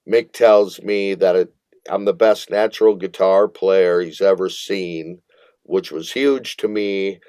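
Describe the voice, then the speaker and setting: A guest musician from Minneapolis with a deep, low voice tells a long story in a casual interview, rambling animatedly, swearing freely, and laughing along the way. The recording is dry, close, and clean-toned, with no echo or room sound.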